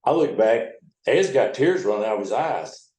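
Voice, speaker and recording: Warm in tone and expressive, his mid-range voice keeps a moderate pace as this older retired river towboat captain from the United States tells salty, folksy stories in casual conversation. He's profane and acts out other people's quoted lines; roomy echo surrounds him.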